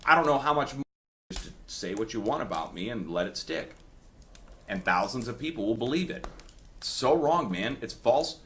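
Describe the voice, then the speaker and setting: A man's voice: medium pitch, lively intonation, normal speed, fairly bright tone, a little hiss or hum. A man hosting an online video, ranting indignantly to his viewers and repeating himself as he pushes back at critics. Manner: indignant, repetitive, addresses viewers as guys. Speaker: earthquake forecast video host. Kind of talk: heated personal rant to viewers.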